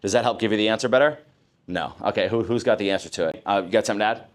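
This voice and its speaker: A man with a lowish voice talks very fast while running a live sales training session. He coaches his team, asks the room questions, and acts out the lines he'd use with customers.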